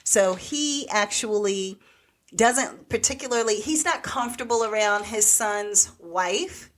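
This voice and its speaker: A woman's voice: mid-range voice, slow. Podcast co-host, woman, casual and chatty, recaps a plot with lots of "like" and "so anyway", acts out the lines. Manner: animated storyteller recapping a TV plot, acting out quoted lines; rambling, with many "like" and "so anyway" fillers. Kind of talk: casual chat.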